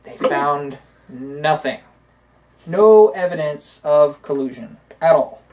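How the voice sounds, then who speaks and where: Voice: medium pitch, animated, slow, a little mellow, poor audio. Casting: talk co-host, casual political chat, opinionated, long rambling runs, filler-heavy. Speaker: podcast co-host.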